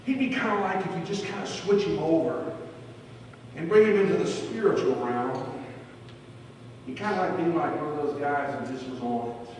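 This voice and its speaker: Fairly high-voiced pastor in an echoey hall. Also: male voice, expressive, normal speed, a little hiss or hum. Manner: storytelling, swings from loud to hushed. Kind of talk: sermon. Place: church sanctuary. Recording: echoey church hall, from far off.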